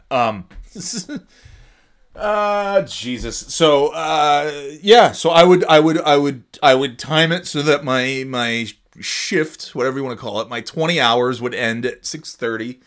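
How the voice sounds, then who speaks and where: A man's voice: mid-range voice, slow, fairly bright tone. Guy rambling solo on his podcast, lots of restarts, swears a bunch, keeps chuckling. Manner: chuckles often between phrases. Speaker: podcast host. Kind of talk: casual solo monologue.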